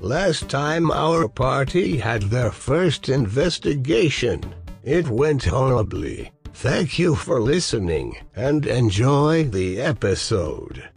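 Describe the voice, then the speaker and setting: A man's voice: mid-range voice, big pitch swings, slow pace, vocal fry, husky, soft background music. A man reading a short show intro as host of a tabletop game podcast.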